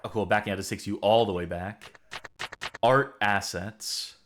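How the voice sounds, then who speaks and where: A man's voice: on the low side, steady tone, unhurried, noisy background. A man giving casual, wry commentary while playing a video game. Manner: wry, sarcastic remarks. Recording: music playing behind.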